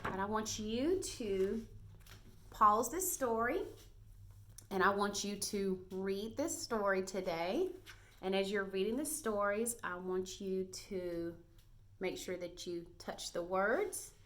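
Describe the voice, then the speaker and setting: Woman teacher doing a video reading lesson for little kids, slow, clear words, encouraging. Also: mid-range voice, animated. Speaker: first grade teacher. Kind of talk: recorded reading lesson for young children.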